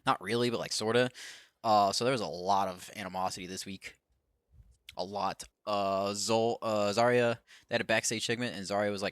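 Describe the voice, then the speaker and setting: Male podcast host, lowish voice, rambly casual delivery, dry close mic. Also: steady tone, moderate pace, a bit bright, clear, resonant tone, dry recording. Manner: rambling, loose, swears freely, acts out quotes. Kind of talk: casual chat recapping wrestling.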